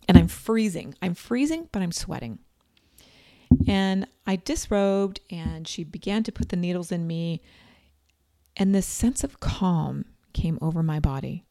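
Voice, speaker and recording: A woman in her forties telling a personal story in a chatty, animated way, acting out quoted lines. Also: lowish voice, a little slow, dry recording, clean studio sound. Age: 40s.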